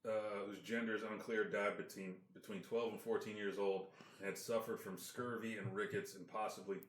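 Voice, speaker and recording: A man's voice: lowish voice, fairly even intonation, a little fast. A man trades sarcastic, profane quips on a casual comedy podcast. His voice rings in a roomy, echoing space. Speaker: podcast co-host. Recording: roomy echo.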